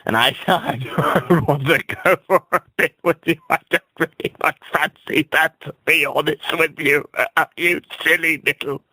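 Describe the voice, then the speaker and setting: A man's voice: fairly high pitch, steady tone, moderate pace, pushed and bright, breathy edge, no echo, low-quality recording. A man doing an absurd, mock-serious comic radio monologue, rambling and stammering over his own words.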